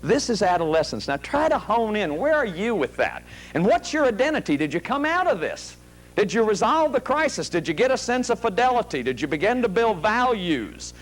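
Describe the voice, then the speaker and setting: A man's voice: high-pitched, brisk. A middle-aged man giving a televised psychology lecture to a studio audience, telling stories and acting out quoted voices. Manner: animated, storytelling, acts out quoted voices.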